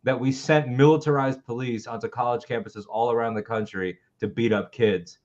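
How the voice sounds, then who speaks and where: A man's voice: medium pitch, fairly even intonation, moderate pace, darkish tone, highs cut off. A man in his twenties co-hosting a live political talk show, ranting with heated, profane passion. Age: 20s. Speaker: co-host.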